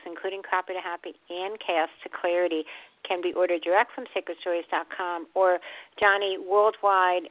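A woman's voice: on the low side, no room sound. A woman reverend and co-author answering interview questions earnestly. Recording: dry tinny phone line.

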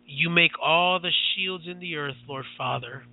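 A man's voice: a little high, moderate pace, gravelly. A man who is a radio preacher, leading fervent prayer with repetitive, impassioned declarations. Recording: tinny phone-like line.

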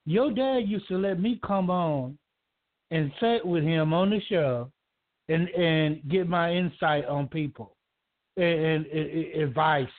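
A man's voice: fairly high pitch, crowd noise. Rambling male caller on a tinny phone. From Georgia, US. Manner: rambling, halting, many restarts. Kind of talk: emotional call-in talk. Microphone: telephone.

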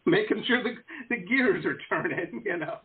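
Middle-aged male host, casual and playful, lively voice, tinny video-call sound. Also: high voice, moderate pace. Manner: animated, joking, acts out quoted voices. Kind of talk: casual interview chat. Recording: tinny phone-like call audio.

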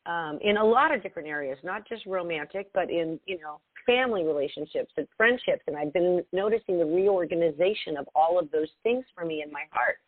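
Expressive woman on a tinny line. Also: on the low side, fairly quick, hardly any pauses, no room sound. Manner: expressive, laughs often, swings between loud and soft. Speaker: podcast co-host. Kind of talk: casual chat. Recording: tinny phone-like sound, dry.

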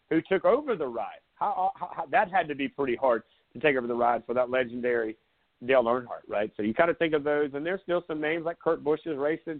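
A man in his forties from South Carolina, a sports talk host telling rambling, sarcastic stories in casual live chat. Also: on the high side. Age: 40s. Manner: rambling storyteller, laid-back and sarcastic. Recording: tinny phone-like line.

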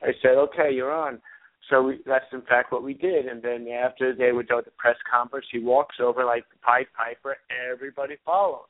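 A man's voice: medium pitch, flat delivery. Man telling a story down a phone line. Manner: halting, many fillers and chuckles. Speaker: guest photographer. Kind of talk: anecdote telling on radio call-in.

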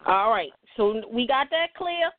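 A woman hosting a casual radio talk show, blunt and profane, telling lively stories. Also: fairly high pitch, unhurried, no room sound. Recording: dry, tinny phone-like sound.

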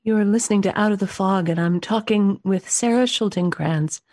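A woman hosting a podcast, speaking in a calm, reflective way and affirming her guest. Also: mid-range voice, moderate pace, dry recording, clean studio sound. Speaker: podcast host. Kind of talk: interview and show announcement.

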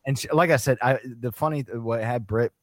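A man's voice: medium pitch, normal speed, dry recording, studio quality. A young man co-hosting a podcast, rambling in crude, profane chat with lots of "like". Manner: rambling, filler-heavy, profane. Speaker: podcast co-host.

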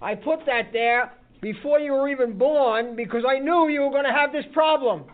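A man's voice: very high voice, normal speed, pitched above the performer's own voice. A man voicing God as a patient, fatherly deity who teasingly explains things, in a story told to a group. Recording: tinny phone-like sound.

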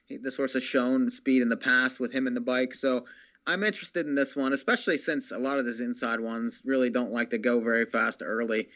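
A man handicapping a harness race, laying out his analysis in a measured way with many fillers. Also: mid-range voice, fairly even intonation, fairly bright tone, muffled recording. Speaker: racing handicapper. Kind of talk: horse racing handicapping talk.

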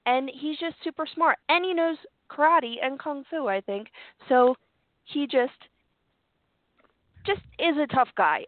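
A woman's voice: high-pitched, no echo. Woman from Philadelphia, chatty co-host, laughs a lot, tinny phone-like sound, dry. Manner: animated, laughs often, chatty. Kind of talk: casual chat.

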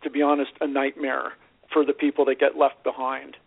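A man's voice: mid-range voice, monotone, fairly quick, gravelly, slightly rough. Male author on a tinny line. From Canada. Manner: articulate, explanatory. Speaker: author guest. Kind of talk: radio interview. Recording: tinny phone-like radio audio.

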